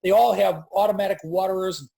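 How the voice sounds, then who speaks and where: A man's voice: high-pitched, a little fast, vocal fry. A man in his forties, an entrepreneur guest telling a story in a casual interview from his farm, acting out the voices of people he quotes. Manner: animated storyteller who acts out quoted voices.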